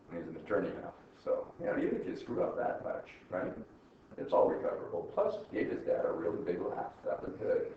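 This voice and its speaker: Deep-voiced rambling older male professor, roomy. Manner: rambling, chatty, laughs at his own stories. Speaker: college professor. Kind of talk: informal classroom lecture. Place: classroom. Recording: echoey classroom from far off, dull and faintly noisy.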